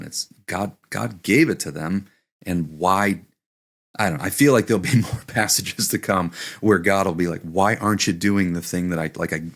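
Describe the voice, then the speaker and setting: A low, husky man with a rough edge to his voice, talking casually in a Bible discussion. He hesitates and restarts often as he works out his view aloud. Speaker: podcast co-host.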